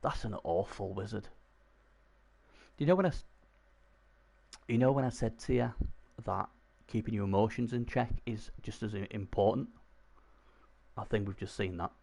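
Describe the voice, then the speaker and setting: A low-pitched man gives live commentary on a video game stream, chatting to his viewers and getting excitable over the dice. His voice is gravelly and husky. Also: moderate pace. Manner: chatty, excitable, talks to chat.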